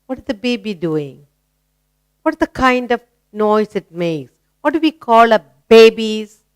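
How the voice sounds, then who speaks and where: Slow, smooth-voiced woman teaching small children. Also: on the high side, fairly bright tone. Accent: Indian English. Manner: slow, encouraging, sing-song questions to young learners. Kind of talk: children's English lesson.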